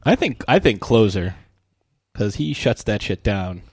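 A man's voice: fairly low pitch, big pitch swings, a little slow, slightly rough, dry recording, clean studio sound. A man hosting a podcast in casual chat, joking, teasing and sarcastic. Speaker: podcast host.

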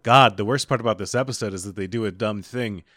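A man co-hosting a podcast, rambling through joking pitches in casual chat. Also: fast, fairly bright tone, dry recording, clean studio sound. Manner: rambling, riffing on mock show ideas. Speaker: podcast co-host.

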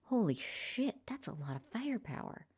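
A man's voice: sits high, lively intonation, unhurried, voice pushed up. A woman voicing a large blond guard who talks in a snorting, sarcastic way in a storybook reading. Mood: snide. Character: big blond barricade guard, snide then sheepish.

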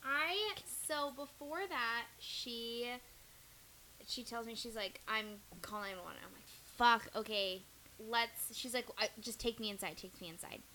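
A woman's voice: on the high side, a little slow, a little hiss or hum, rough recording. A young woman co-hosting a podcast, telling a story expressively, swearing and acting out what people said. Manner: expressive, profane, acting out quotes. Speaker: podcast co-host. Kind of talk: casual storytelling chat.

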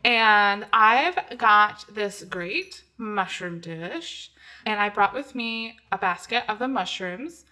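A woman's voice: mid-range voice, animated, takes it slowly, sharp tone. A woman playing an oblivious home cook who forages mushrooms, talking breezily and then getting flustered.

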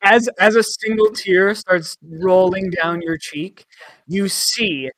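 Man game master, somewhat high voice, dry close sound, halting fillers. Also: steady tone, fairly bright tone, no echo, rough recording. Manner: chatty, halting narration with fillers. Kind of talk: narrating a tabletop game.

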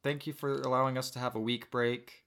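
A male podcast host talking casually with his co-host. He is dry and a bit hesitant, trailing off with small fillers as he sets up the reading. His voice sits in a middle pitch. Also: brisk, clean tone. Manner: relaxed, wry, hesitant with fillers.

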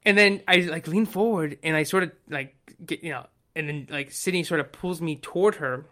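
Podcast co-host, male, bright and forceful tone, rambling and excitable. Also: fairly high pitch, a little fast. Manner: rambling, excitable, lots of fillers and restarts. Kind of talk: casual chat.

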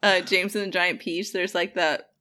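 A woman's voice: on the low side, steady tone, moderate pace, sharp tone. A young woman co-hosting a podcast, chatting casually about a movie with giggly joking asides. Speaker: podcast co-host. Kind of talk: casual movie-review chat.

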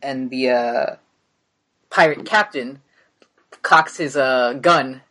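A man's voice: medium pitch, slow, pushed and bright. Casual man running a tabletop game. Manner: casual, hesitant with many fillers. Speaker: game master.

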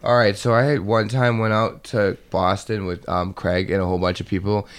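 A young man telling rowdy stories to friends in a casual chat, loudly acting out the people in them. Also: lowish voice, fairly quick, clean tone. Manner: animated storytelling, acts out voices loudly. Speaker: storyteller among friends.

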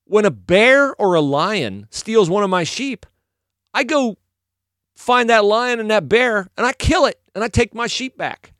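A man's voice: high voice, lively intonation, measured pace, fairly bright tone, dry recording, voice pushed up. A fearless young shepherd boy brags in casual slang, as a man puts him on. His voice shoots far above the man's own and bounces around with energy. The sound is close and dry. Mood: confident.

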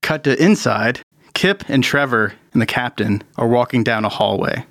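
A man's voice: mid-range voice, moderate pace, a bit bright, dry recording, studio quality. Easygoing male game master. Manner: easygoing, laughs often. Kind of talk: narrating a tabletop game.

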